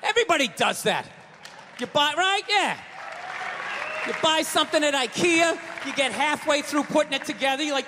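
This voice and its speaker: A man in his forties doing a profane, ranting stand-up comedy routine on stage, with loud outbursts. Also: very high-pitched, animated, moderate pace, some chatter behind, slight background noise. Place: stage in a large venue. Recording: live show in a big hall.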